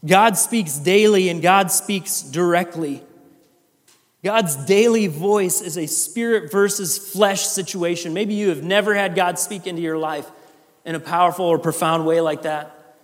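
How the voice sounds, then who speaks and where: A man's voice: high voice, a little slow. A man from Iowa preaching a sermon, earnest and conversational with frequent fillers and restarts. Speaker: pastor. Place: church sanctuary. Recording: long hall reverb.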